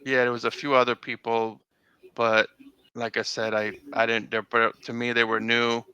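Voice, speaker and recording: A man's voice: medium pitch, completely flat delivery, moderate pace, sharp tone, smooth, rough recording. A middle-aged man recalling old times in a casual interview, rambling with many fillers and restarts. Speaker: interview guest.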